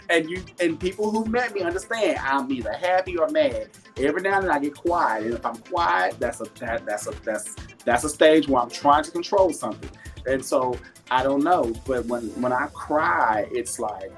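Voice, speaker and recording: A man hosting a live stream to sell jewelry, chatting casually with viewers in a folksy, preachy, encouraging way and reading out their comments. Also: a little high. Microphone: webcam or phone on a live stream.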